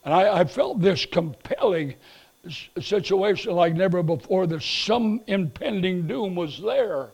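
A male pastor preaching a revival sermon, swinging between loud urgent passages and hushed pleading ones, with repeated phrases and halting restarts. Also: sits high, lively intonation, vocal fry, breathy edge.

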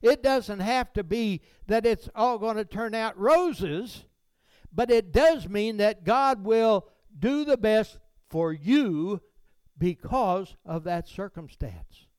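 A slow, high-voiced preaching man. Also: expressive, darkish tone, clean tone, no echo. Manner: preacherly, swells to fervent rises on praise lines. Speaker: pastor. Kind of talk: sermon. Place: church.

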